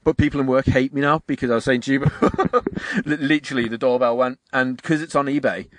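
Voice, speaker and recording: A man co-hosting a casual chat, an animated storyteller who swears and laughs often. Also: medium pitch, a little fast, a little hiss or hum. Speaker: podcast co-host.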